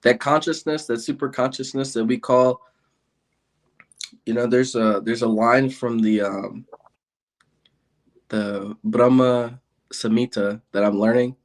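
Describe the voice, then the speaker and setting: A man's voice: mid-range voice, measured pace, long pauses. A man who is an interview guest, chatting casually and telling stories with lots of laughter. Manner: animated storyteller, laughs often. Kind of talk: casual chat.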